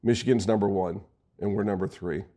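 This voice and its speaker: Emphatic man, lowish voice, casual market talk. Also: fairly even intonation, brisk, mellow. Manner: emphatic, gets fired up and jokes. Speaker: market strategist. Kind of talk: casual podcast discussion.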